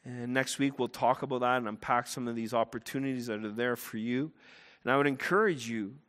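A man preaching a sermon as a pastor, earnest and emphatic, turning quiet and low in prayer. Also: a little fast. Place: church sanctuary. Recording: long hall reverb.

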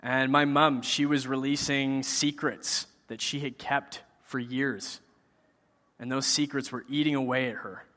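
A man's voice: medium pitch, fairly even intonation, unhurried, bright, forceful tone. A man telling a personal faith testimony in a casual, conversational way, acting out his own quoted lines. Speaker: speaker sharing a personal testimony. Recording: long hall reverb.

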